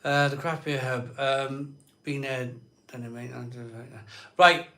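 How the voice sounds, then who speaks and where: A man's voice: mid-range voice, little pitch movement, normal speed, a bit bright, reverberant. A man hosting a casual live stream, chatting in a rambling way. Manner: chatty, rambling, frustrated sighs. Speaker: live show host.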